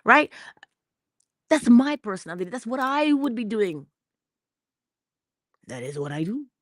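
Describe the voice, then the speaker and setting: Woman, motivational talk, slow and deliberate, very expressive pitch, dry close sound. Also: no room sound. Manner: animated, playful, theatrical. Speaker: inspirational speaker.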